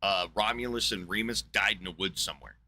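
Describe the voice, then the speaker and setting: A man's voice: on the low side, fairly quick, bright, forceful tone, a little hiss or hum. A man with a Southern US accent, from Florida, hosting a live debate podcast, crude and mocking as he argues. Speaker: podcast host.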